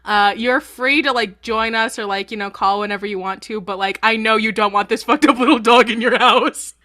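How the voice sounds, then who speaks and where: A woman co-hosting a podcast in casual chat, with a fairly high, bright voice. She giggles through her jokes as she talks. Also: fairly even intonation, brisk. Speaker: podcast co-host.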